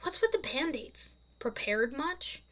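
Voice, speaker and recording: A woman's voice: high-pitched, big pitch swings, unhurried, pitched above the performer's own voice. A friendly, easygoing teenage girl who chats and asks questions in an upbeat, raised voice, read out by a woman. She sounds light and curious. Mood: chatty.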